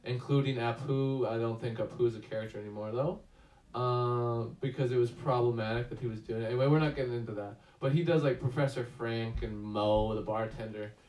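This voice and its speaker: A man's voice: medium pitch, steady tone, brisk, darkish tone. Casual male reviewer, rambling delivery full of restarts, recorded far from the mic in an echoey room. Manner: rambling, many fillers and restarts. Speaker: movie review host. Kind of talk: casual movie review chat.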